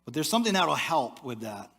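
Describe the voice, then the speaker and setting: A man's voice: big pitch swings, brisk, breathy edge. Conversational male pastor preaching. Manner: conversational preaching, dropping low and soft for asides. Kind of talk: sermon. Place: church.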